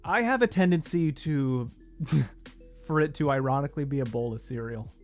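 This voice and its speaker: A man's voice: medium pitch, normal speed, soft background music. A young man co-hosting a podcast, chatting casually in a laid-back, rambling way with lots of fillers and restarts. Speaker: podcast co-host. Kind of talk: casual chat.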